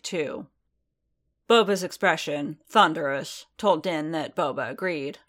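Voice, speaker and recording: A woman narrating a story aloud in a steady, even storytelling manner. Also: deep voice. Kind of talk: audiobook reading of fan fiction.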